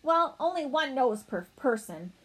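A woman narrating a children's storybook in a playful, animated way as a young boy narrator. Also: high-pitched, a little slow, slightly rough, low-quality recording. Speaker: audiobook narrator.

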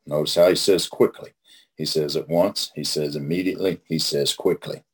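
This bass-voiced man speaks at normal speed with a creaky, slightly rough quality. He's middle-aged, from Oklahoma, and runs a recovery study as a casual teaching talk, folksy and emphatic, repeating phrases for emphasis.

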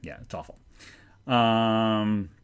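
A man's voice: on the low side, slow pace, clear, resonant tone. A man hosting a live podcast show, rambling casually and reading out listener comments, with jokingly sarcastic show plugs. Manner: rambling, chatty, reads out listener chat comments. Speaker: podcast host.

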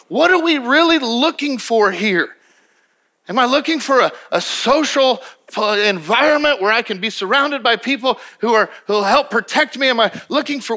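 A man's voice: extremely high pitch, sharp tone. A male pastor preaching a sermon in an emphatic, conversational way, often restarting his sentences.

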